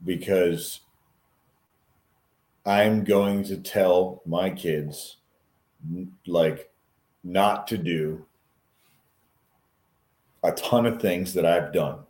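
A man in casual conversation, speaking slowly and deliberately. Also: deep voice, darkish tone. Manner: slow and deliberate. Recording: roomy echo.

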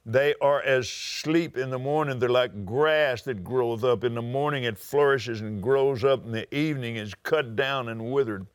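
A man's voice: mid-range voice, moderate pace, few pauses, clear, resonant tone, dry recording. An older man with a Southern US accent, preaching a sermon and reading scripture aloud with dramatic swings in his voice.

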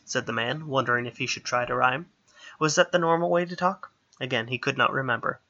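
A man narrating a scripted fantasy story in a steady storytelling manner. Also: mid-range voice, brisk, muffled recording.

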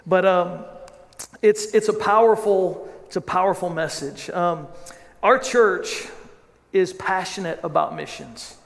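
A male pastor with a high, gravelly voice tells a story from the pulpit in a loose, conversational way, often repeating his words as he restarts a sentence. His voice carries the long reverb of a church hall. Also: very animated, a little slow. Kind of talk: sermon.

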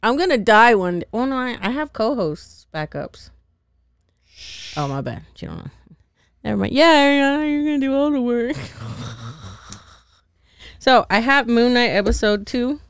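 A young woman hosting a casual podcast chat, animated, laughing often and swearing freely as she acts out scenes. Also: a little high, moderate pace, long pauses, clean tone, no echo, clean studio sound. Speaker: podcast host.

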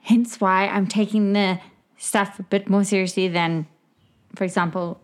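A woman's voice: mid-range voice, fairly even intonation, a little slow. A woman player speaking in character during a tabletop game, earnest and chatty. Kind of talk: casual tabletop role-play.

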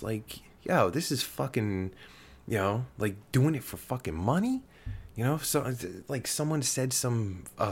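A man's voice: lowish voice, darkish tone, slightly rough. A man around forty rants on a podcast, swearing and rambling with many fillers. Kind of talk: profane podcast rant.

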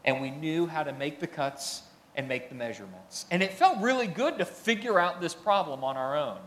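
A man's voice: fairly high pitch, sing-song, normal speed, fairly bright tone. A man preaching a sermon in a conversational way, building emphasis on his key points and reading passages aloud. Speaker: pastor.

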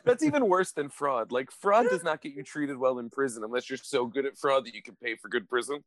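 A man's voice: mid-range voice, lively intonation, fairly quick, a bit bright. A man from South Jersey co-hosting a podcast, joking in casual chat and laughing often. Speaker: podcast co-host.

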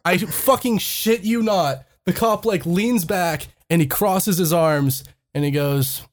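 A man's voice: high voice, takes it slowly, few pauses. A young man casually telling a funny story on a podcast, swearing freely and laughing often as he talks. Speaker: podcast host.

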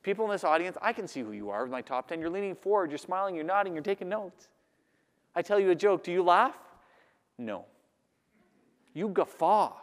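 A man giving a lively talk to a live audience, acting out the voices of the people he describes. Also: sits high, brisk, long pauses. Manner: animated, acts out audience voices. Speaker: public speaker. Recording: long hall reverb.

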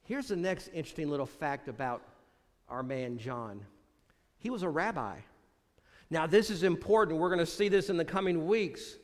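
A man preaching a sermon as pastor, often dropping low and quiet to stress a point. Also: lively intonation, moderate pace, in a large hall.

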